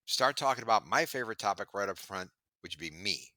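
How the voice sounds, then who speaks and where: A man being interviewed about sales, talking in a lively way and acting out bits of dialogue, sometimes stammering as he restarts. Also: fairly low pitch, fast talker, no room sound, clean studio sound. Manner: animated storyteller, acts out dialogue. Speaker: sales expert guest. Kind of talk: podcast interview.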